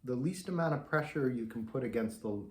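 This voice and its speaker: A man's voice: medium pitch, animated, fairly quick. A man teaching beginner trombone in an easygoing, conversational way, demonstrating as he explains. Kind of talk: relaxed instructional talk to camera. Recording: echoey room.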